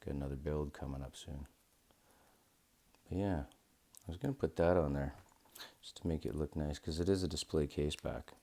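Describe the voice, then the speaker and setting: A man's voice: a bass voice, moderate pace, dark tone. A man hosting a watch modding video, chatting casually and rambling to himself as he works. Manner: rambling, talks to himself, self-deprecating. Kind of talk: casual narration while working.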